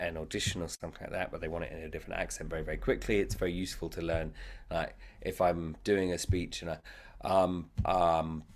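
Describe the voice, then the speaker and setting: A male actor being interviewed, talking thoughtfully with many hesitant fillers. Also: low voice. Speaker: actor and guest. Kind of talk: casual interview chat.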